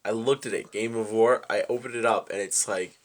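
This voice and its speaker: Young guy podcast cohost, slow halting stories, swears constantly. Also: on the low side, fairly even intonation. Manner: profane, halting, drawn-out storytelling. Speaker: podcast co-host. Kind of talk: casual chat.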